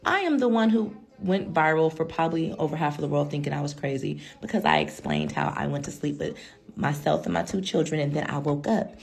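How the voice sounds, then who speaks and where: A woman's voice: deep voice, very animated, fairly quick, vocal fry, slightly rough. A woman vlogger telling a story to her viewers in a chatty, slangy, casual way, calling them girl and child.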